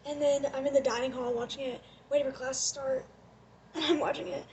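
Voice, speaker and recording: High-voiced young woman ranting excitedly. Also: brisk, slight background noise. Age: young adult. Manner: excited, gushing, laughs often. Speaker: vlogger. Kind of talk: casual rambling rant. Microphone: phone propped on a lotion bottle.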